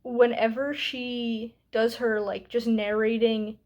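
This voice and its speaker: Chatty young woman vlogger, a touch high. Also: flat delivery, slow pace, dull audio. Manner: chatty and candid, with filler words and asides. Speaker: book vlogger. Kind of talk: casual book review vlog.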